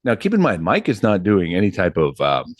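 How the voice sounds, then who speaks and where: A man in his thirties spins a rambling anecdote, full of fillers and bursts of acted-out quotes. His voice sits very low. It is recorded close and dry, with no room sound. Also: brisk, dry recording. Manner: animated, acts out quotes, frequent ums and likes. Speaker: podcast host and comedy show MC. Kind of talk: casual storytelling.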